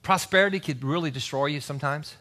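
Male pastor preaching a church sermon; bright, high, very lively voice with scripture readings and asides. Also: fast. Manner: animated preaching, reads scripture aloud with asides. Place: church service.

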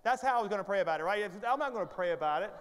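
A middle-aged man preaching a sermon as a guest, telling a story with animated, self-deprecating humor and playful asides to the congregation. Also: high-pitched, racing. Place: large church sanctuary. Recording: long reverb of a big church hall.

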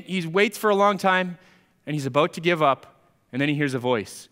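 A man's voice: fairly high pitch, expressive, moderate pace, a bit bright, in a large hall. A man preaching a sermon as a pastor, in a conversational, storytelling manner. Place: church sanctuary.

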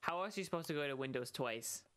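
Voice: mid-range voice, lively intonation, fast talker, fairly bright tone. Jumpy, trash-talking young streamer. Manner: jokey, trash-talking, jumpy yelps when startled. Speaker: streamer playing a ghost-hunting game. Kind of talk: casual gaming stream commentary.

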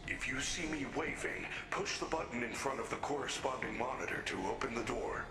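A man voicing a calm robot bear guide. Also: medium pitch, brisk, far from the mic, close to an everyday voice. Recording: roomy game audio under music.

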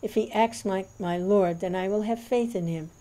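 A man's voice: high voice, normal speed, warm tone, lightly acted. A woman reading the lines of an older male sage overwhelmed with devotion, speaking in fervent, tearful exclamations.

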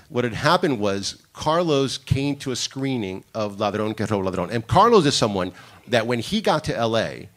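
Speaking at a moderate pace with few pauses and a mid-range voice, a Miami-born director recounts career stories on a conference panel. He brings them to life by acting out what people said, all in a conference room.

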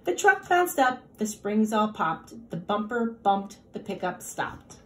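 A woman teacher reading a rhyming picture book aloud in a lively, rhythmic way. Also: medium pitch, measured pace, slight background noise.

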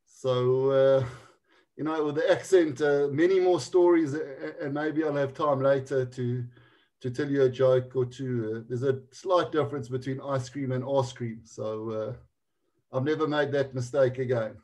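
A man in his forties with a South African accent tells a story in a joking way. He stumbles and restarts often, and his voice sits fairly high. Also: darkish tone. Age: 40s. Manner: jokey storytelling, halting restarts. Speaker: guest. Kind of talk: casual anecdote.

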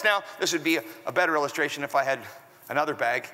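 Bright-voiced preaching man in a hall. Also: a little high, fast, a little hiss or hum. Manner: animated preaching, acting out the servant with raised shouts. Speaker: pastor. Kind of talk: sermon. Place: large church hall with long reverb. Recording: live sermon in reverberant church hall.

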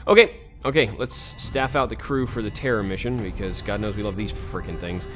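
A lowish-voiced man talks fairly quickly over faint background music, recording casual let's play commentary. He mutters to himself as he plays and swings into sudden, frustrated outbursts.

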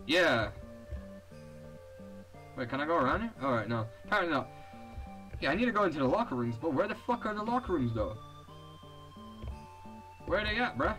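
A young man with a slightly high voice chats loosely over a retro video game. He reads the on-screen text aloud, curses casually and laughs at his own jokes. Faint game music plays behind him. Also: very animated, brisk, long pauses, bright, forceful tone, poor audio. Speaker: let's play host. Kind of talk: casual gameplay commentary.

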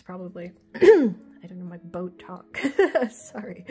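Speaking a bit slowly in a high-leaning voice with a dark tone, a mother shuffles through an oracle deck as she chats. She giggles frequently, wanders from the subject, and makes self-deprecating jokes.

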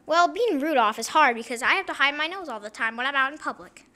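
A woman voicing an excitable young male toy reindeer who talks funny through a covered nose. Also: sits high, fast. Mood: explaining.

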